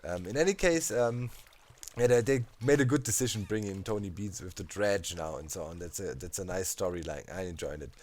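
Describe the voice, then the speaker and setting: Animated gamer man. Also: deep voice, a little fast, slight background noise. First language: German. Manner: animated, laughing, heavy on fillers like "you know, man". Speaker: let's play host. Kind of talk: casual storytelling over gameplay.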